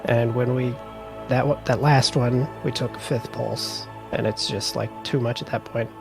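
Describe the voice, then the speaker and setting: A man's voice: medium pitch, steady tone, measured pace, creaky, music in the background. A man leading a game raid over voice chat, explaining tactics and calling out countdowns. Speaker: raid leader.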